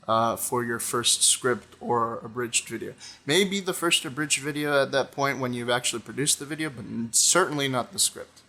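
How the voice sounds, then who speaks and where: A young man talks through his opinion in a loose commentary monologue. His voice is bright and forward. He hesitates a lot, filling gaps with ums and uhs and restarting sentences, all at a mid pitch. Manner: hesitant, many fillers and restarts. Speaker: video essayist.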